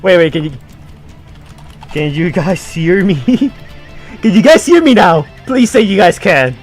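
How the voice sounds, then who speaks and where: A man hosting a livestream, excitable and flustered, laughing through casual chat. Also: high-pitched, a little slow, faint music behind. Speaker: livestream host.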